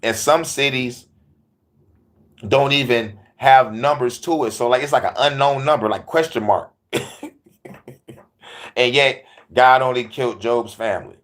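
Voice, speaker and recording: A man's voice: medium pitch, unhurried, pauses often, fairly bright tone. A man hosting a casual comedic rant, swearing freely, laughing often and hammering his points. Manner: profane, laughing, emphatic. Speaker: host.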